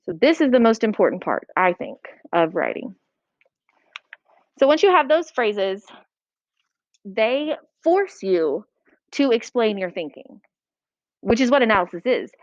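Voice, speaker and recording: A woman teaching a writing lesson to a class, brisk and checking that students follow. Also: on the high side, very animated, dry recording. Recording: dull lo-fi classroom recording.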